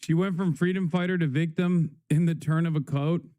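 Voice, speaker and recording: Sarcastic swearing male streamer, dark voice. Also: on the high side, fairly even intonation, brisk. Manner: sarcastic, exasperated, swears a lot. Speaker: live streamer reacting to clips. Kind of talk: casual profane commentary.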